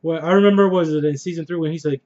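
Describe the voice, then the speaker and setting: A man reviews a TV episode in loose, casual chat, swearing freely and laughing as he goes. His voice sits a little high for a man and he gets worked up easily. The audio is somewhat dull and lo-fi. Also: racing. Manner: excitable, profane, laughs often. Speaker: TV show reviewer. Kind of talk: casual spoiler review vlog.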